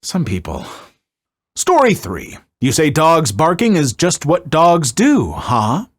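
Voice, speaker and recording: A man's voice: on the high side, takes it slowly. A man reading online stories aloud, then breaking into casual, filler-heavy rants of his own commentary. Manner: lively reading that turns to ranting, filler-heavy asides. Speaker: story channel narrator.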